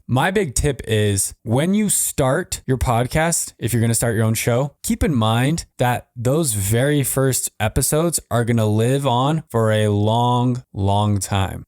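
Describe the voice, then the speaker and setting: A man's voice: medium pitch, a little mellow, dry recording, clean studio sound. A man hosting his own podcast, talking casually and directly to his listeners, with a self-deprecating manner. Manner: conversational, self-deprecating, addresses listeners as guys. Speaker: podcast host. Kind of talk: casual solo podcast monologue.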